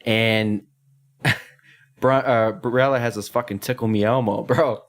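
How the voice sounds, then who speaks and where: A man's voice: on the low side, unhurried. A man co-hosting a podcast, telling stories in casual, profane chat. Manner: profane, animated storytelling. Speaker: podcast co-host.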